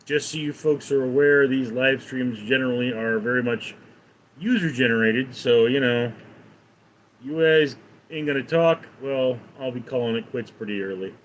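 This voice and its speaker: A man's voice: mid-range voice, moderate pace, slight background noise, low-quality recording. Chatty man on a live stream. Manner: rambling, chatty, reading out and answering viewer comments. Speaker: livestreamer. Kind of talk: casual live-stream chat. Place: home in Los Angeles.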